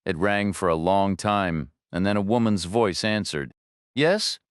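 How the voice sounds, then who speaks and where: A man narrating a thriller audiobook in a steady, measured way, close to the mic. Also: low voice, clear, resonant tone, no echo.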